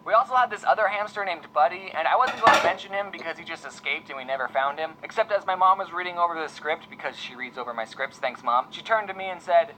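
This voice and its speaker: A video creator telling a scripted comedic story with deadpan jokey asides. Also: mid-range voice, fast, few pauses, background noise.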